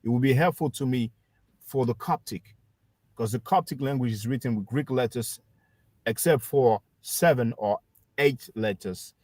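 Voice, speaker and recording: A man hosting a livestream, calmly explaining history and addressing his listeners as brothers and sisters. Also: mid-range voice, moderate pace, no room sound. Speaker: livestream host. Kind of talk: casual history discussion.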